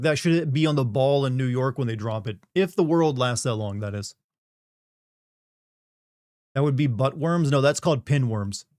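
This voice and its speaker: A man's voice: mid-range voice, a little mellow, no room sound, studio quality. A middle-aged man from the Southern United States chatting casually on a live stream, rambling, joking and reading chat aloud.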